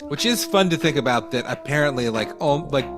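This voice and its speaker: A man's voice: fairly high pitch, animated, a little fast. A man chatting while guiding a friend through a video game, wry and joking with casual swearing. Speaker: gamer. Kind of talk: casual let's-play chat. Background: game music.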